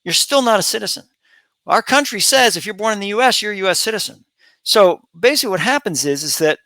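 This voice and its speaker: A man's voice: high-pitched, animated, quick pace, pushed and bright, dry recording. A middle-aged man hosting a commentary channel, delivering a rambling opinion monologue full of fillers, restarts and repetition.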